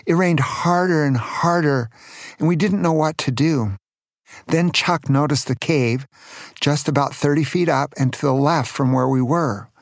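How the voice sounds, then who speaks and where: A man's voice: on the high side, no echo, studio quality. An older man telling a children's adventure story as a grandfather, playful and dramatic, with small jokes.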